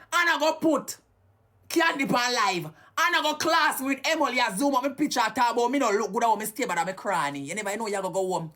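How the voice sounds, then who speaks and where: A woman's voice: mid-range voice, a bit bright. A Jamaican woman ranting heatedly and cursing on a live stream.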